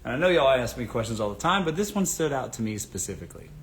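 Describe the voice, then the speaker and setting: A man's voice: mid-range voice, very animated, fast talker. A man hosting a casual advice livestream, speaking emphatically and repeating his catchphrases. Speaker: show host. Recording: roomy echo.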